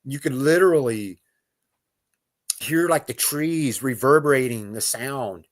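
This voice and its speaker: A man with a mid-range, slightly slow voice tells a personal story about an outdoor encounter as a guest. His speech is loose and casual, full of fillers and restarts, and he imitates animal calls.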